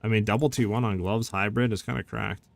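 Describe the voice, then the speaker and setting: A low-voiced man streaming a game and talking to his chat as he plays. He keeps up a laid-back, chatty stream of comments and asides. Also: steady tone, fast talker, creaky. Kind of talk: casual live-stream chat while gaming.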